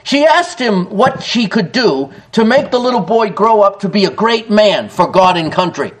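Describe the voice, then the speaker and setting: A man preaching a sermon with emphatic delivery, reading scripture aloud and dropping into quiet asides. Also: expressive, normal speed, rough recording. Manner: swings between loud declarations and low, quiet asides. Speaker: pastor.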